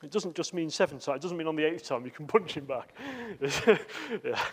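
Man preaching a lively sermon. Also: a little high, normal speed, breathy edge. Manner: storytelling with acted quotes and repeated words. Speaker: visiting preacher.

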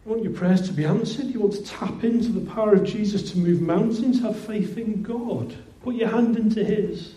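High-voiced conversational male preacher. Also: a little fast, few pauses, warm tone. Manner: conversational, repeats words and restarts. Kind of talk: sermon. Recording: roomy echoing hall.

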